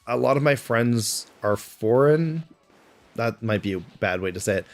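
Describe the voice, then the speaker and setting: Canadian guy, mid-pitched, talks easy with chat, faint music under him. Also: animated, moderate pace. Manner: chatty, answers chat questions aloud between game moments. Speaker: streamer. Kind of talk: casual live-stream chat.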